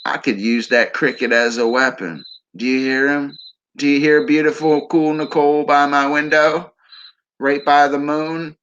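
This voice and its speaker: A man's voice: on the high side, flat delivery, measured pace, fairly bright tone, clear, resonant tone. A man chatting casually on a late-night livestream, rambling and teasing his viewers with frequent chuckles. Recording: slightly dull lo-fi stream audio. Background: crickets chirping.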